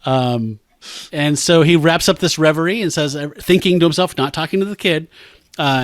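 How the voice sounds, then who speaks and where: A man's voice: on the high side, brisk, no room sound. A man co-hosting a casual comic book review podcast, recapping the plot and reading captions aloud with dry humor. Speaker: podcast co-host.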